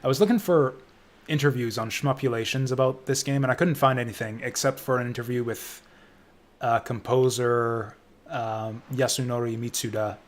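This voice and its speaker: A man's voice: medium pitch, fairly even intonation, normal speed. A man streaming a game, reading its dialogue aloud in a dramatic way and drifting into casual, profane asides. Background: faint game music.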